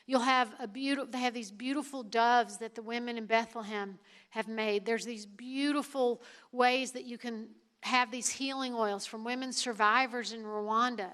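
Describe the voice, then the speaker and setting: A woman's voice: fairly high pitch, a bit bright. A middle-aged woman, a priest and nonprofit leader, answering questions on stage with earnest, emphatic storytelling. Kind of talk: live Q&A talk on stage.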